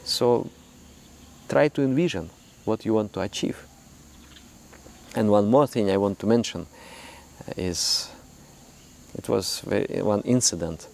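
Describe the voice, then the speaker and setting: Low gravelly man giving a spiritual talk. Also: a little mellow. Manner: earnest and reflective, with pauses and restarts. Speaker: spiritual teacher. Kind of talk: meditation talk.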